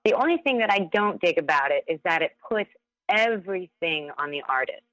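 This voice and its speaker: A woman's voice: lowish voice, lively intonation, a little fast, fairly bright tone, dry recording, rough recording. A woman, a singer and actress, chatting as a podcast guest in an upbeat way and laughing often. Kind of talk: casual interview chat.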